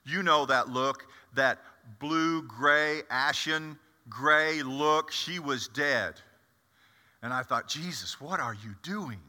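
Guy doing impetuous old apostle peter, slow, chatty asides, bright voice, echoey hall. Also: on the high side, smooth, heavily acted. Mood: storytelling. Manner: chatty, confiding asides to the audience. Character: the apostle Peter, middle-aged man, blunt and impetuous. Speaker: preacher performing a first-person monologue. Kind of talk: dramatic first-person monologue.

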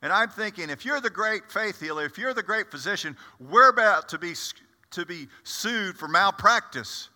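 A man's voice: sits high, lively intonation, moderate pace, bright, forceful tone, exaggerated voice. A man performing a first-person monologue as the apostle Peter, a blunt and impetuous fisherman, with chatty, confiding asides to the audience. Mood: storytelling. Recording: echoey hall.

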